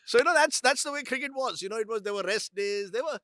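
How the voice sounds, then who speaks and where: A middle-aged man with an Indian English accent, telling cricket anecdotes as a guest speaker in an animated conversational way. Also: sits high, quick pace, hardly any pauses, dry recording. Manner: anecdotal, animated, slips into Hindi phrases. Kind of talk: conversational storytelling on stage.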